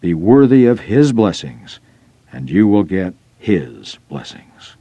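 A man reading a first-person religious article aloud in an earnest, measured storytelling manner. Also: low voice, big pitch swings, warm tone, slightly rough, no room sound, muffled recording. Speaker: reader.

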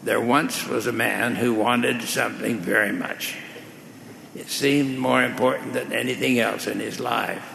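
A male preacher telling a parable in a measured, deliberate sermon, recorded in a large hall. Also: mid-range voice, fairly even intonation, gravelly, sharp tone, slight background noise. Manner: slow, measured, deliberate storytelling. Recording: echoey hall with faint ambience.

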